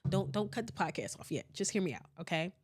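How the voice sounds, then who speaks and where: A young woman hosting a casual podcast, playful and animated, laughing often as she reads live comments. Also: lowish voice, fast talker, slightly rough. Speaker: podcast host.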